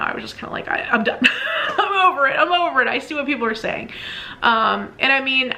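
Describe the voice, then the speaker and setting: A woman's voice: on the high side, gravelly, sharp tone, a little hiss or hum. A woman vlogger casually telling a personal story, chatty and laughing often, acting out what she said back then. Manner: chatty, laughs often, acts out her own past lines.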